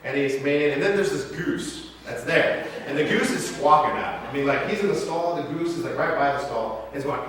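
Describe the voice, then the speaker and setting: Brisk and barely pausing, this man in his thirties preaches in a highish, somewhat bright voice. He's a pastor sharing anecdotes in a loose, aside-filled sermon, picked up by a far-off mic in an echoing church with a bit of hiss.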